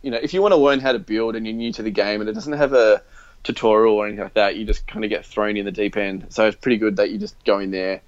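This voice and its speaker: A man's voice: on the low side, steady tone, fast. A young man, chatting casually as a podcast co-host and telling a rambling story, acting out the lines he quotes. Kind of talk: casual chat. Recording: dull, lo-fi, dry.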